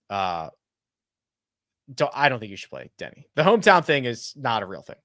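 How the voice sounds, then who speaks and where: Man host for a casual live chat: lively pitch swings, dry close sound, quick self-corrections. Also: creaky, no echo. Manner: animated and chatty, thinks out loud with quick self-corrections. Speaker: host of a golf betting and fantasy live chat. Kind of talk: casual live-stream chat answering viewer questions.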